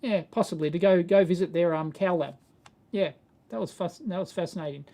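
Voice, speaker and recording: A man's voice: high-pitched, fairly quick, gravelly, warm tone. A man with an Australian accent hosting a live stream, answering viewer questions in a casual, rambling way with frequent chuckles. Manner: rambling, chuckling, self-correcting.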